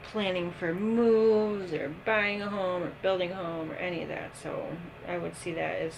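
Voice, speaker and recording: A woman giving a casual tarot reading, unhurried and thinking aloud with frequent pauses and ums. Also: fairly low pitch, steady tone, creaky, background noise. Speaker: tarot reader.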